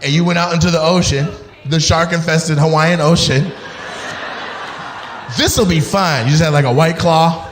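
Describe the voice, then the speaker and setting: A man doing crowd work on stage, loud and animated, acting out voices as he riffs with the audience. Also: fairly high pitch, normal speed, long pauses, background noise. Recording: echoey venue with loud ambience.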